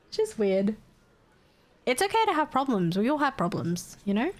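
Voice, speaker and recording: A woman's voice: on the high side, big pitch swings, measured pace. A young woman, chatting casually on a live stream, venting in exasperation, laughing often and swearing.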